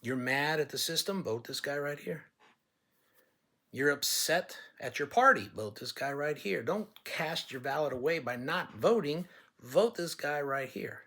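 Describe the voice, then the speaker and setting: In a pushed, bright, slightly high voice, a California man running for office talks animatedly but a little slowly. He addresses listeners head-on in blunt, folksy campaign talk, making his points through stories.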